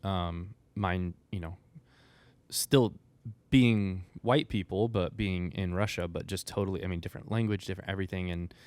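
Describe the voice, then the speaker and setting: Deep voiced guy, slow and thoughtful, smooth clear sound on a podcast mic. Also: fairly even intonation, a little mellow, no echo. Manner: thoughtful, halting, reflective. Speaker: podcast co-host. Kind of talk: casual reflective chat.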